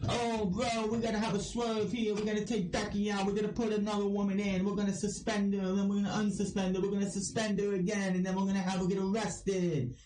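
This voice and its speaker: A man's voice: high-pitched, flat delivery, fast, hardly any pauses, reverberant, distant mic, music in the background, pitched above the performer's own voice, lightly acted, low-quality recording. A man doing a hyped wrestling booker. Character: pushy male wrestling booker pitching twists.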